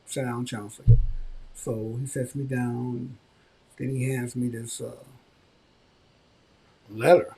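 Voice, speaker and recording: Podcast host, male, husky with some gravel, mellow tone, chatty storyteller. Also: mid-range voice, takes it slowly, pauses often. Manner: conversational, animated when quoting others. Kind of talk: casual storytelling and advice talk.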